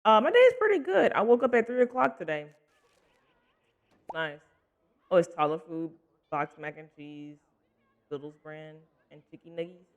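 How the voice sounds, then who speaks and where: A man's voice: fairly high pitch, lively intonation, normal speed, long pauses, narrow, tinny audio. A man livestreaming a game, chatting casually with viewers and laughing often. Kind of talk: casual gaming stream chat.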